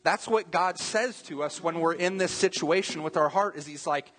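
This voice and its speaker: A man preaching a sermon as pastor, earnest, repeating key phrases and slowing down for emphasis. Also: on the high side, fairly bright tone, slight background noise.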